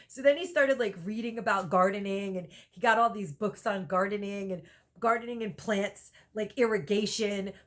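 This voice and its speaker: A woman vlogger telling a rambling, animated story in casual chat, with lots of "like" and laughter. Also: on the high side.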